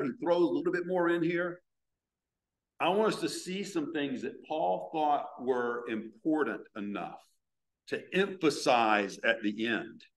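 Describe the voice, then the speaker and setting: A man preaching a sermon as pastor, earnest, slowing down to stress words from scripture. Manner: prays in a hushed, low voice.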